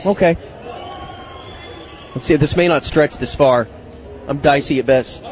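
A man's voice: on the high side, muffled recording, a faint crowd. A man from Dallas, a radio host roaming a media center and teasing people in casual street interviews. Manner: joking, teasing, quick banter.

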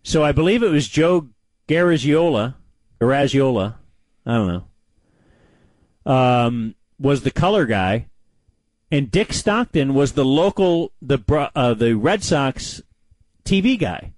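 A man co-hosting a casual sports chat show, telling stories with animated delivery. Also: unhurried, dry recording, poor audio. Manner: animated storyteller, lively pitch. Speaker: co-host.

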